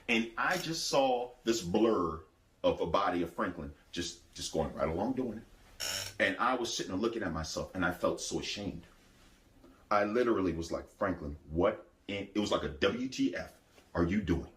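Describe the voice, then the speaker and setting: Lively low-voiced man giving testimony. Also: normal speed. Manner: emphatic storyteller who repeats phrases and acts out quoted voices. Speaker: Christian testifier. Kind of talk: spoken religious testimony.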